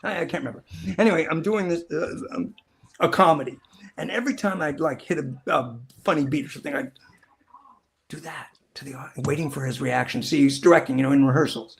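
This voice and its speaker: A middle-aged actor telling stories in a casual interview, rambling and acting out quoted lines in different voices. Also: male voice, a little high, brisk, creaky. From Southern California. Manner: rambling, animated, acts out quotes. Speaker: actor guest.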